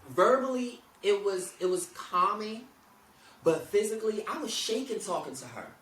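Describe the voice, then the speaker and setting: A woman co-hosting a podcast, telling a story in a relaxed, casual way and acting out the people in it. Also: medium pitch, moderate pace. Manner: animated, acts out quoted people. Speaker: podcast co-host. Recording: roomy, distant mic with faint noise.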